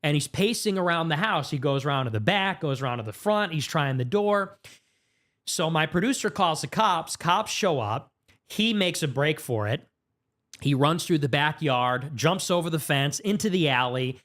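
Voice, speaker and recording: This is a casual storytelling interview in a podcast studio. The male guest races through his tale with animation, his voice spiking in pitch without warning.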